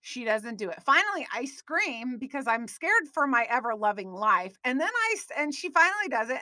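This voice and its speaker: Middle-aged texas woman, high voice, animated funny storytelling, dry close sound. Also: dry recording. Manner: animated, breaks into comic screams. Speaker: host. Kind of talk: casual storytelling with a devotional close.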